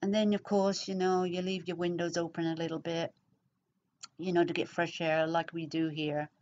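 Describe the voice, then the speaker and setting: A middle-aged Englishwoman with an English accent chats casually to camera as a vlogger, rambling and using lots of fillers. Her voice is fairly low and darkish, with a flat delivery at a moderate pace. The recording sounds dull and lo-fi.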